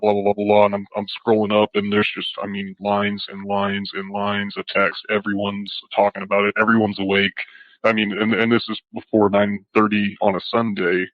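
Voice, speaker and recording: A young man answering interview questions haltingly, his speech full of fillers. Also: on the low side, dry recording. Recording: dull, dry lo-fi audio.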